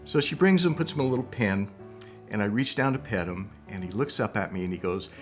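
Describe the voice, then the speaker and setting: A man telling a funny anecdote in an animated storytelling way. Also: on the low side, fast, music in the background. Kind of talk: anecdote in interview.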